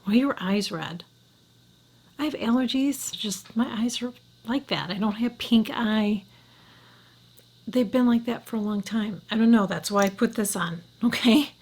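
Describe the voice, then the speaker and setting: A woman's voice: on the high side, normal speed, a little mellow. A middle-aged woman chatting frankly to camera as a beauty vlogger, often sinking to a near whisper. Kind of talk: casual chat to camera.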